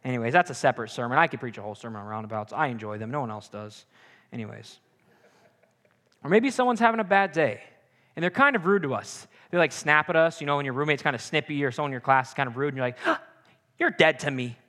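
A young man preaching a sermon with animated, joking asides. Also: medium pitch, quick pace. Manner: animated, jokey asides and acted-out quotes. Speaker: pastor. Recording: long hall reverb.

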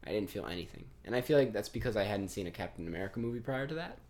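A man's voice: fairly low pitch, lively intonation, racing, a little mellow. A young man hosting a casual podcast chat, rambling and trailing off, laughing often. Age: young adult. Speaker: podcast host.

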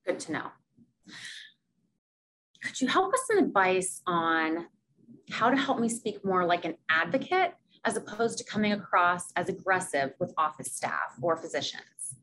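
A woman's voice: on the low side, sing-song, unhurried, fairly bright tone, slight background noise, poor audio. A woman putting questions to a guest, reading them out steadily.

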